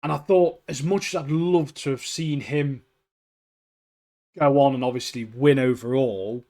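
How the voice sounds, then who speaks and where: A man's voice: medium pitch, fairly even intonation, measured pace, warm tone. A man co-hosting a podcast, chatting casually and bluntly about a TV show, with "mate" at the end of many sentences. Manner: blunt, opinionated, peppers talk with "mate". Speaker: podcast co-host. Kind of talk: casual chat reviewing a TV show.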